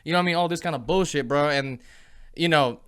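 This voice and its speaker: Bright-voiced man chatting on a podcast. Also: on the high side, fast talker, smooth. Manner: swears freely, says "you know what I mean" a lot. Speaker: podcast co-host. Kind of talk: casual chat.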